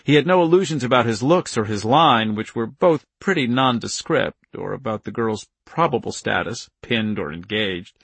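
A man reading a novel aloud in steady scripted narration, in a dry studio recording. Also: medium pitch, moderate pace, gravelly, hardly any pauses, husky, no room sound. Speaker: audiobook narrator.

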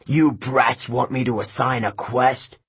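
A man's voice: mid-range voice, steady tone, measured pace, husky. A man reading an audiobook voices a cruel, scornful ancient king who runs a camp, sounding menacing and sneering. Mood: dismissive.

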